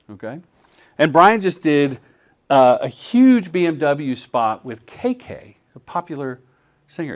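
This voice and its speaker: A middle-aged man, a commercial director, giving a live workshop talk as an animated storyteller. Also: a little high, muffled recording. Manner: animated storyteller who acts out quotes.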